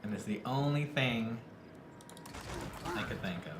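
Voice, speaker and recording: A man's voice: mid-range voice, unhurried. A man joking and making puns while co-hosting a gameplay session. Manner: playful, punning, animated. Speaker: co-host. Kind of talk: casual gameplay chat. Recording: echoey room with noise.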